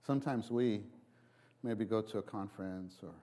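A man preaching a sermon, halting and repeating himself, then acting out quotes with sudden big jumps in voice. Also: fairly low pitch, mellow. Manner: halting restarts, repeats words.

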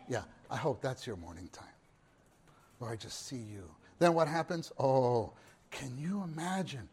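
A man preaching a sermon. He swings from hushed murmurs to loud exclamations, repeats his phrases and keeps asking his listeners questions. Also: a little high, very animated, moderate pace, breathy edge.

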